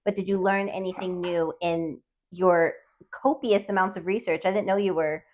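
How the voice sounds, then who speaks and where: A woman's voice: on the low side, fairly even intonation, moderate pace, darkish tone. A woman hosting a podcast in casual chat, laughing easily and tossing in short teasing replies. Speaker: podcast host.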